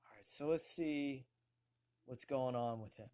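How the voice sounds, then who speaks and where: Slow-talking man thinking aloud. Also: medium pitch, a little mellow. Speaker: host. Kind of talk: casual online research talk.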